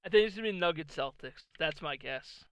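A man's voice: a little high, lively intonation, a little fast, a bit bright, clear, resonant tone. A man co-hosting a sports podcast in casual chat, jokey and self-deprecating, laughing often. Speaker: podcast co-host.

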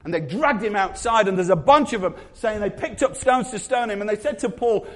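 A man preaches a sermon in a fairly high voice. He tells stories with animation and acts out the people he quotes, from quiet asides to sudden loud outbursts. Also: big pitch swings, brisk, hardly any pauses.

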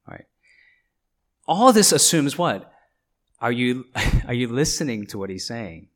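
A man's voice: mid-range voice, big pitch swings, a little slow, a bit bright. A man, a pastor, preaching a sermon in a conversational way, often checking in with the listeners by asking "right?" and restarting his phrases.

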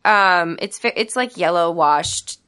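A woman co-hosting a podcast in a loose, casual chat. Her voice is bright and crisp, sitting a little low. She hesitates often and fills gaps with ums. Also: takes it slowly. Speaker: podcast co-host.

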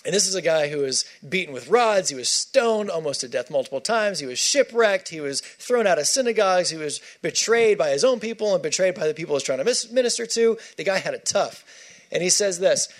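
A man's voice: sits high, animated, brisk. A man preaching a sermon, emphatic and repeating key phrases for stress.

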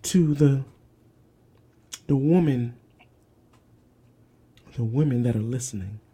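A man's voice: medium pitch, takes it slowly, mellow, husky. A young man hosting a podcast, preaching emphatically, repeating phrases and dropping to whispers. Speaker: podcast host. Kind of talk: preaching-style podcast talk.

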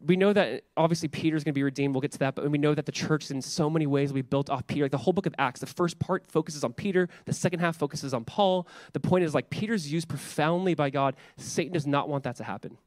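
A male pastor preaching a casual, animated sermon, full of "like" and quick acted-out quotes. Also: a little high, no room sound. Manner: animated, filler-heavy, acts out scripture voices.

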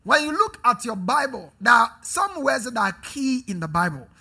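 A pastor delivers a sermon during a church service, leading the congregation in call-and-response and building toward emphatic shouts. His voice is very high-pitched, creaky and slightly rough, very animated, and moves at a normal speed.

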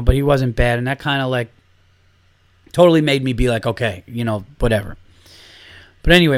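A man in his thirties hosts his own podcast, ranting with lots of swearing. He gets louder and higher as he works himself up. His mid-pitched voice sounds dry and close to the mic. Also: smooth, no room sound. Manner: animated, profane ranting, swings loud and high when worked up. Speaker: podcast host. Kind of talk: solo podcast rant.

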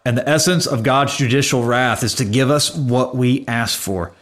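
A man preaching a sermon, earnest, rising for emphasis and dropping to hushed low lines. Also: normal speed.

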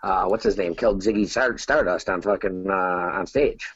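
A man's voice: deep voice, moderate pace, muffled recording, crowd noise. A man chatting casually as a podcast guest, telling stories with swearing and frequent laughter. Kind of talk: casual chat.

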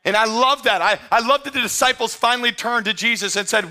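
A man preaching a sermon as pastor, talking straight to his church in a conversational way and often rising to emphatic, shouted excitement. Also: very high voice, brisk, few pauses. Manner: conversational, addresses the congregation directly.

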